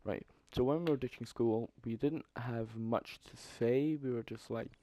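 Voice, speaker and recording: A young man telling a story in a casual, profane, animated way, with exasperated asides. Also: mid-range voice, moderate pace. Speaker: vlogger.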